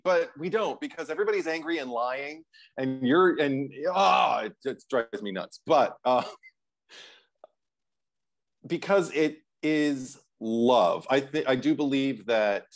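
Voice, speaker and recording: A man co-hosting a relaxed podcast about movies, with a voice of middling pitch. He talks animatedly, stumbles and restarts his sentences, and breaks into laughter often. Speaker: co-host. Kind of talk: casual film discussion.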